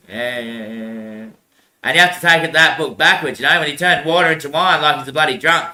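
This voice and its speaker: A man's voice: a little high, a little fast, bright, forceful tone. A man hosting his own show in a rambling solo monologue. He laughs often, trails off into muttered curses, and keeps calling the listener son and mate. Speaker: show host. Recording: roomy echo.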